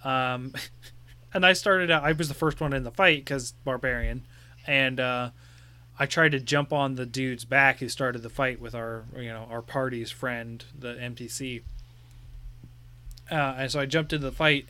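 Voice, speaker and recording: A man's voice: medium pitch, bright, forceful tone. A young man co-hosting a podcast, chatting loosely with many fillers and laughs. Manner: rambling, laughing, full of fillers. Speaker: podcast co-host. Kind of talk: casual chat.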